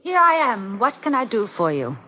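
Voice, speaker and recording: A gentle, caring ward helper. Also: female voice, fairly high pitch, big pitch swings, moderate pace. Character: kind, gentle woman caring for patients. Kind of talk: 1950s radio drama acting. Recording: dull lo-fi old radio broadcast.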